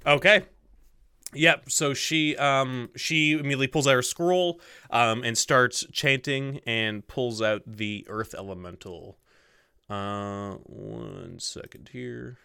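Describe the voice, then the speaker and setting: A man's voice: medium pitch, slow, creaky, sharp tone, clear, resonant tone, dry recording. A man running a tabletop role-playing game as game master, describing the scene and rules with many fillers and asides to himself. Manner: many fillers, mutters to himself while setting things up.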